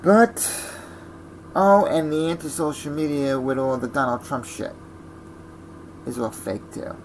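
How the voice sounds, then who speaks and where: A man's voice: a little high, fairly even intonation, unhurried, slight background noise, rough recording. A man ranting in a blunt, scornful vlog monologue. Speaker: vlogger.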